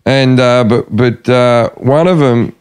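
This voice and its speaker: A man's voice: medium pitch, takes it slowly, darkish tone, clear, resonant tone. A man telling a story in casual chat, wry and joking.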